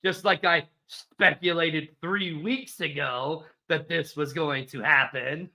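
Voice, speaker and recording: A man's voice: fairly high pitch, steady tone, slow pace, sharp tone. A man co-hosting a casual sports talk show, emphatic and repeating his points for stress. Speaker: podcast co-host. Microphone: studio microphone.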